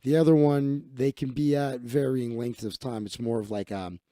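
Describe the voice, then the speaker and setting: A man's voice: medium pitch, fairly even intonation, moderate pace, mellow, no echo, studio quality. A man hosting a live stream, telling a casual story with lots of restarts and swearing. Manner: rambling, profane, many restarts and fillers. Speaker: live-stream host, magician.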